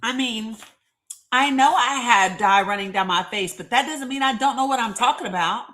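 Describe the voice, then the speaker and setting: A woman hosting a casual live stream, chatting, reading viewer comments aloud and often laughing and clearing her throat. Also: fairly high pitch, normal speed, a bit bright. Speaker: livestream host.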